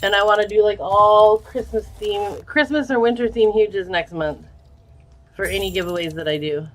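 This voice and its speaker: A woman with a medium-pitched voice speaks at a moderate pace while live-streaming a giveaway. She chats casually with viewers, reading out their names and answering the chat.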